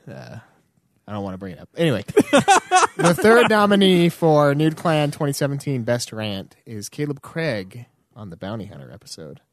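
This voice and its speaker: A man's voice: mid-range voice, big pitch swings, moderate pace, no echo. A man co-hosting a podcast, announcing award nominees in a hesitant, casual way. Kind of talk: casual chat.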